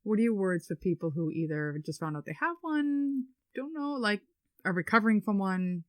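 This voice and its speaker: A woman's voice: mid-range voice, lively intonation, no room sound. Supportive woman co-host, dry close sound. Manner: supportive, quick interjections and frequent laughs. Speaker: podcast co-host. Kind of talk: casual podcast conversation.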